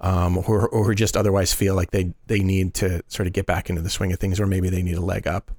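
A man with a lowish voice hosts a relaxed podcast. He hesitates, fills gaps with ums and restarts his sentences. The sound is close and dry, with no room around it. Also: fairly quick, dry recording. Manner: hesitant, many fillers and restarts. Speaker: podcast host. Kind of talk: casual podcast chat.

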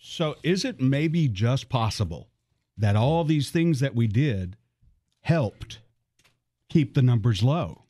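Husky guy co-hosting radio, voice goes up and down a lot, jokey, pushes back. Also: mid-range voice, lively intonation, slow. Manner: joking, gently pushes back. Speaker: radio co-host. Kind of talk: casual radio banter.

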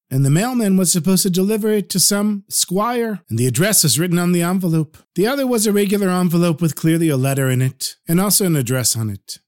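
A man hosting a podcast, narrating a folk tale in an unhurried, conversational way. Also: a little high, darkish tone. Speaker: podcast host and storyteller. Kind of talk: storytelling narration.

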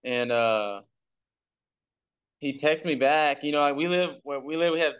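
Laid-back young man, smooth clear voice. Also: a little high, a little slow, a bit bright. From Texas. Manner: laid-back, rambling with fillers. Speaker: guest, pro baseball pitcher. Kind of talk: casual storytelling. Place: recording for a podcast.

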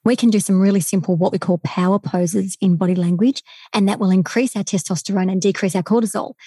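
A woman's voice: mid-range voice, slightly rough, no room sound. A woman, a body language expert, telling a story with energy as a guest over a remote call. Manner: fast, enthusiastic, animated storyteller. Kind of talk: storytelling podcast interview.

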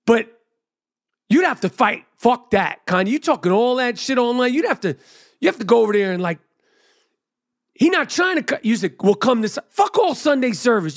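A middle-aged man hosting a podcast, ranting loudly and profanely. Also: very high voice. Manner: loud, profane, animated ranting. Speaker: podcast host. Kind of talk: profane rant monologue.

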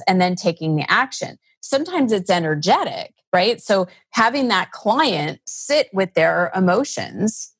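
A woman's voice: mid-range voice, dry recording. A woman coach answering interview questions, telling stories about clients and acting out their dialogue. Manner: storytelling, acts out client dialogue.

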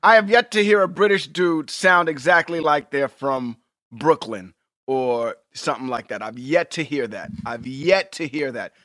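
Animated, bright-voiced man in casual chat. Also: a little high, normal speed, dry recording, studio quality. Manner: animated, emphatic, swears freely. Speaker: podcast co-host.

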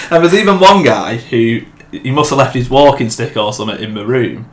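A young man, casually telling a story among friends, animated and laughing often. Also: mid-range voice, brisk. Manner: animated, swears freely, laughs through the story. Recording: echoey room with faint ambient noise.

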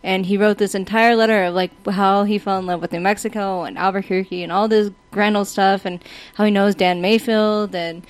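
A woman's voice: mid-range voice, steady tone, fairly quick, clear, resonant tone, no echo. A woman co-hosting a casual podcast, explaining things with many fillers and restarts. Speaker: podcast co-host. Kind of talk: casual chat.

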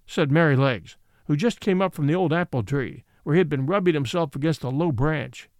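A man narrating a classic storybook in an expressive, measured way. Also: on the high side, vocal fry, dry recording, clean studio sound. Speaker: audiobook narrator.

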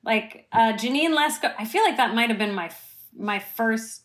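A woman's voice: fairly high pitch, animated, moderate pace, fairly bright tone. A woman actress being interviewed, chatty and self-deprecating, often breaking into laughter. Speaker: actress guest. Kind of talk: conversational interview.

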